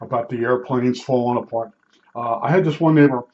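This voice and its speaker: An older man from New Jersey rambles through stories from his working years in a blunt, salty way, often restarting his sentences. His voice sits at an ordinary middle pitch. The recording sounds a bit dull and lo-fi. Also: brisk, a little mellow. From Newark, New Jersey. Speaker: vlogger recalling his work as a meter calibrator. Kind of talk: rambling casual storytelling.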